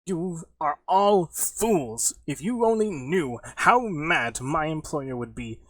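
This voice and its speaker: A man's voice: very high voice, expressive, fast, bright, forceful tone, no room sound, pitched above the performer's own voice, full character voice. A man voicing a furious captured male henchman who rants and screams melodramatically. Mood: ranting.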